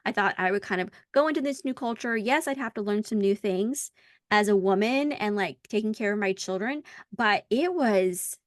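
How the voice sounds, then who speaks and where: An American woman hosting a casual podcast conversation, telling stories in a lively way and acting out the dialogue. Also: medium pitch, moderate pace, dry recording, studio quality. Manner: animated storyteller who acts out dialogue. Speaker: podcast host.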